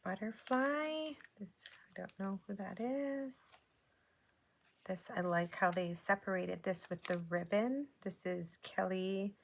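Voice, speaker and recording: A woman casually chatting through a show-and-tell of handmade cards, unhurried and admiring. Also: mid-range voice, vocal fry, slight background noise. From Hawaii. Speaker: papercraft vlogger.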